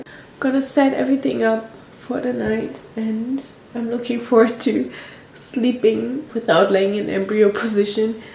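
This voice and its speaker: A woman's voice: fairly high pitch, darkish tone, roomy sound, slight background noise, low-quality recording. A young woman vlogging to camera, emotional and teary, tired after a stressful day, talking in a rambling way from a small rented apartment. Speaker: travel vlogger. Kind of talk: personal vlog talking to camera.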